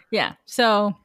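A woman's voice: fairly high pitch, a bit bright, dry recording. A woman co-hosting a casual podcast, upbeat as she announces upcoming topics. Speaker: co-host.

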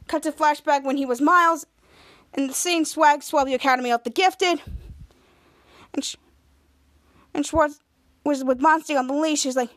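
A podcast host with a high voice retells a TV episode scene by scene. She rambles through it, quoting each character's lines with small shifts in her voice. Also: steady tone, normal speed, long pauses, fairly bright tone. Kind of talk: casual episode recap.

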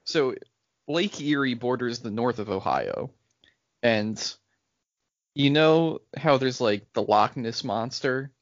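A man's voice: medium pitch, lively intonation, slow, no room sound. Rambling young podcast co-host man. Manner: rambling, laughs often, restarts. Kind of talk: casual chat. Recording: dull lo-fi podcast audio, dry.

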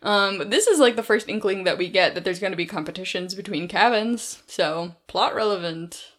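Here a female podcast co-host talks casually and with energy, often laughing. She has a medium pitch, a bit of brightness, and a moderate pace.

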